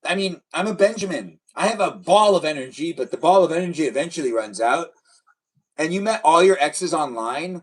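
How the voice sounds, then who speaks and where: A man's voice: on the high side, animated, fairly quick, husky, far from the mic, rough recording. A man hosting a casual livestream, rambling and tired, with lots of filler words. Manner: chatty, rambling with many likes and restarts. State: tired, yawning. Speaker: livestream host.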